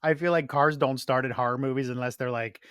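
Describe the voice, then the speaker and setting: A man's voice: mid-range voice, steady tone, fast, fairly bright tone, clean tone, no room sound, clean studio sound. Man co-host making wry jokes. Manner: wry, joking asides. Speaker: podcast co-host. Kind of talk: casual true-crime chat.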